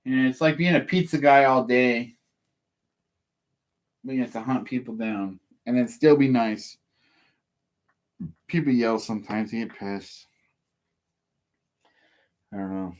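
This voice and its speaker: A man's voice: mid-range voice, takes it slowly, pauses often. Laid-back rambling process server, man. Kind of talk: casual storytelling.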